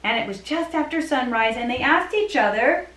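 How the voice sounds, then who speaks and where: A woman tells a Bible story to young children, her high voice swooping up and down. She talks in an animated storytelling manner. The room around her sounds echoey. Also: moderate pace. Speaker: children's church teacher.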